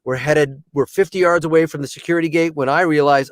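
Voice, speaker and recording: A man telling a stand-up style story on a podcast, animated, in punchy short sentences and acting out characters. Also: on the high side, fast talker, dry recording, studio quality. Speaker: comedian and voice actor.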